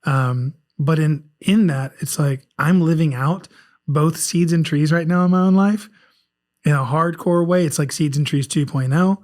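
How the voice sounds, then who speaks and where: Candid and self-reflective, a man in his forties from South Carolina appears as a guest author on a casual podcast filled with restarts. He speaks at normal speed in a voice on the high side, a little mellow, with a faint Southern accent, rambling and restarting frequently.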